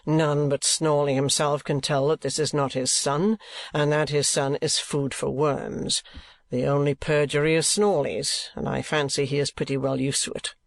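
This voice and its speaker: A man's voice: fairly high pitch, flat delivery, moderate pace, gravelly, no room sound, clean studio sound. A man voicing a cold, scheming older moneylender who speaks curtly and presses his points with emphasis. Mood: contemptuous.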